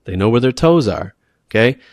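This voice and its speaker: A man who teaches PE, presenting classroom tips in an animated, emphatic way and often checking in with "okay?". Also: medium pitch, moderate pace, no room sound. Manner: animated, acts out students and teachers.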